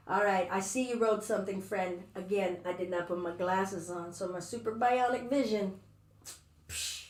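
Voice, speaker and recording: A woman's voice: medium pitch, normal speed. A woman teaching a live yoga class, chatty and playful as she talks through her own movements. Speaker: yoga instructor. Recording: echoey room, distant mic.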